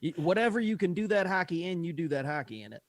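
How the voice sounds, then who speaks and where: A man's voice: sits high, very animated, quick pace. Eager stammering hockey-fan man. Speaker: podcast co-host. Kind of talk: casual sports analysis.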